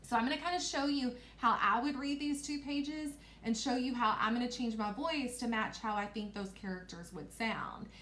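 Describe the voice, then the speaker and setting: A woman's voice: fairly high pitch, moderate pace, few pauses, fairly bright tone. A woman teacher leading a recorded reading lesson for young children, with an encouraging, sing-song manner. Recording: echoey room with faint noise.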